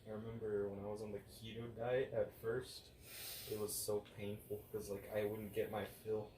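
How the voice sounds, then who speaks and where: Chatting casually with friends, a young podcast co-host tells animated stories and performs the voices of the people in them. His voice is lowish and his pace moderate, picked up by a distant mic in a roomy space with faint hiss.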